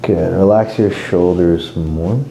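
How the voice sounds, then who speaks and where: Man, chiropractor, deep voice, slow calm instructions, clear room noise behind. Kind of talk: guiding a patient during treatment. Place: treatment room.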